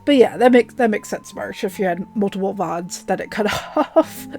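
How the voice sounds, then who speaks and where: A woman's voice: medium pitch, normal speed, a little mellow, faint music behind. A woman streamer chatting casually while playing a game, laughing often and filling with lots of likes.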